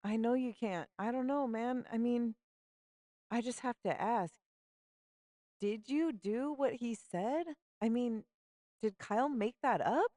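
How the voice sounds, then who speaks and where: A woman reading an audiobook, voicing a scared, desperate teenage girl who pleads in a high, rising voice. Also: slow, dark tone, no echo. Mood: hesitant.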